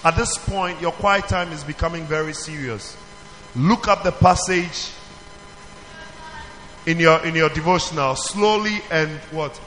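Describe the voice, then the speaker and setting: High-voiced preacher quizzing a reverberant hall. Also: male voice, measured pace, soft background music. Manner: animated, questioning the audience, calling for answers. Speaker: pastor teaching children. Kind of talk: call-and-response teaching to a children's church.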